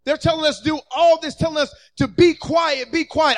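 A man preaching a sermon from a church stage, fervent and building up to shouts, acting out the people he quotes. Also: very high-pitched, fairly even intonation, fairly quick, hardly any pauses, poor audio.

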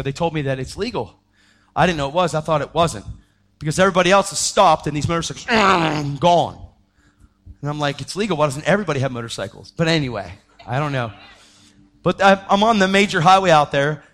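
A man preaching a sermon, telling a story with lively energy and acting out the voices of the people in it. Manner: animated, acts out quoted voices, pitch jumping up when excited.

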